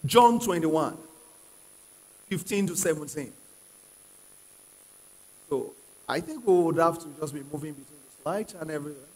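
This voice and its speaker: A fairly high, darkish, husky male voice preaches expressively at a normal speed, pausing often. In a church hall with a live congregation, the pastor repeats key phrases with emphasis and urges the crowd to answer his questions, all under the long reverb of a large hall.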